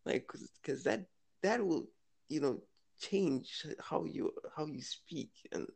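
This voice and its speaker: A man's voice: a little high, lively intonation, slow pace, creaky, darkish tone, husky. A man with a South African accent co-hosting a podcast, rambling in casual chat and laughing often. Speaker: podcast co-host.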